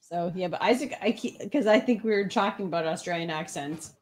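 A woman's voice: fairly low pitch, a little fast, slight background noise. A woman co-hosting a casual livestream, reading chat comments aloud and joking around in a playful, giggly way.

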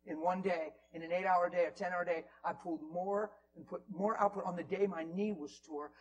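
A man preaching in a church, telling a story with animated swings from loud bursts to near whispers. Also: sits high, a little hiss or hum, low-quality recording. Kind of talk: storytelling sermon. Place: church hall.

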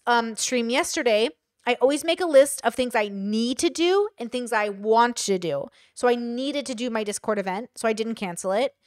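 Woman streamer, casual live-stream rant, profane, animated, fairly high voice, dry close sound. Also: no echo.

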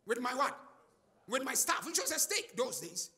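High, lively, gravelly-voiced male preacher. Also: moderate pace. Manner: call-and-response preaching, shouts and chants phrases. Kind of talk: sermon.

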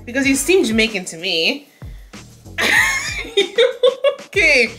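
A young Canadian vlogger answers viewer questions in a loose, animated chat, laughing often at a moderate pace. Her voice is bright and a little high, and faint music plays underneath.

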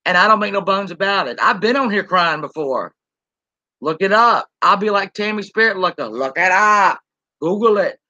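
A woman's voice: mid-range voice, lively intonation, moderate pace, bright, forceful tone, no echo, dull audio. A woman, ranting bluntly and profanely on a live-stream while reading chat aloud. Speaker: YouTube commentary host.

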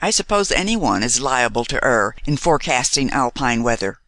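A man voicing a frank, cheerful young woman climber in a storybook reading, lifting his voice to speak brightly and gaily. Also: mid-range voice, normal speed, dry recording. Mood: lively, frank. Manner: bright and lively.

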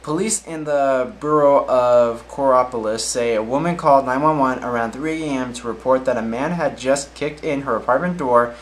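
A man's voice: medium pitch, moderate pace, hardly any pauses, a little hiss or hum, low-quality recording. A man casually reading odd news stories aloud, often tripping over names, then adding his own offhand comments.

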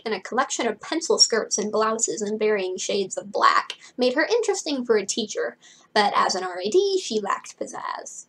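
Husky-voiced young woman reading aloud. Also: fairly bright tone, poor audio. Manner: chatty, wry, quick to laugh at the book; voices characters' lines with raised pitch. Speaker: book reader and commentator. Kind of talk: reading a novel aloud with asides.

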